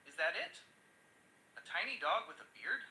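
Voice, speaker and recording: Man doing a taunting burglar, sneery and bright. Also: high voice, very animated, normal speed, reverberant, a little hiss or hum, pitched above the performer's own voice, exaggerated voice. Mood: mocking. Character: mocking male burglar.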